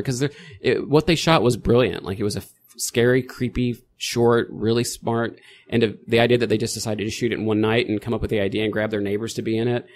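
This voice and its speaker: A middle-aged man with a slightly low voice talks casually as a podcast guest. He rambles, restarts his sentences and tells stories with animated energy. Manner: rambling, self-correcting, animated storytelling. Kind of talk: casual interview chat.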